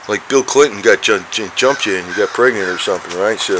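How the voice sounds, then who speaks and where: A man with a fairly low voice rambles casually while filming cats on a handheld camera, chuckling between remarks. When he turns to the cats, his voice goes high and coaxing. The outdoor recording is noisy, with birds and traffic clearly audible behind him. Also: moderate pace. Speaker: vlogger. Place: outdoors near steps.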